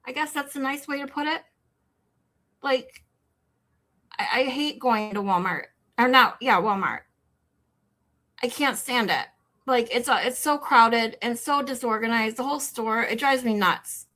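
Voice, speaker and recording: A woman with a Michigan accent, hosting a livestream and chatting casually with her viewers, animated and rambling, often incredulous. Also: on the high side, a little slow, long pauses. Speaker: livestream host. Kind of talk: casual chat with live chat. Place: home in Texas.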